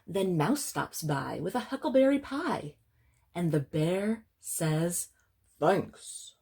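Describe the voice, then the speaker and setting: A woman librarian reading a picture book aloud for children, slow and gentle, pausing to explain words. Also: on the low side, big pitch swings, gravelly, slightly rough.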